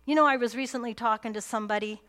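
A woman's voice: fairly high pitch, rapid-fire, a bit bright. A woman pastor preaching a sermon, earnest and emphatic, repeating key phrases for weight.

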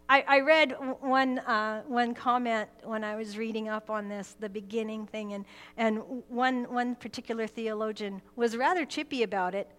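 Earnest woman preaching in a reverberant hall. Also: fairly high pitch. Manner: earnest, rising to forceful emphasis, with restarts. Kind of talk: sermon.

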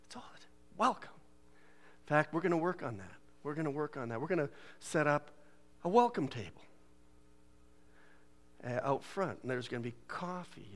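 A pastor in a church sanctuary delivers a sermon in a slightly bright, medium-pitched voice. He jokes and laughs often and puts on voices whenever he quotes people.

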